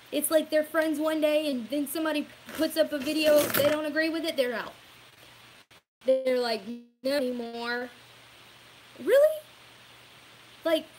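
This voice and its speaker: A woman's voice: sits high, slight background noise, rough recording. A woman from Louisiana with a Southern accent, talking earnestly and rambling a bit in a casual opinion vlog, often saying y'all. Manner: rambling, earnest, says y'all, laughs at herself. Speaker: political vlogger.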